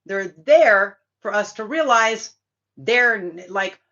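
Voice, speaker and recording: A woman with a sharp, bright voice delivers a spiritual talk in a loose, rambling way. She swears freely and leans on fillers as she circles her point. The recording is dull and lo-fi. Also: mid-range voice, expressive, slow. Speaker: spiritual reader and channel host. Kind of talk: casual spiritual monologue. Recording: dull lo-fi sound.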